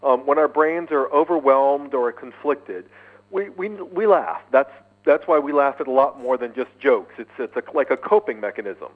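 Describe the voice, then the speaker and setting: A male author being interviewed by phone, speaking in an animated way and often repeating words as he starts sentences. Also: mid-range voice, moderate pace. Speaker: guest author, neuroscientist. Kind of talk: interview over phone line. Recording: tinny phone line.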